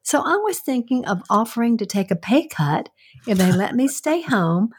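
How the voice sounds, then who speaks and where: A woman's voice: a little high, very animated, normal speed, slightly rough. Giggly middle-aged woman co-host. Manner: giggly, reads listener letters aloud. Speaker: co-host, host's mother. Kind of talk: casual chat.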